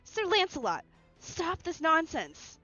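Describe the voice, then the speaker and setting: A woman's voice: extremely high pitch, wildly swooping pitch, slow, bright, forceful tone, dull audio, faint music behind, pitched above the performer's own voice, full character voice. A woman voicing an earnest, righteous young woman knight who declaims with passion. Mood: impassioned. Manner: impassioned, declaiming.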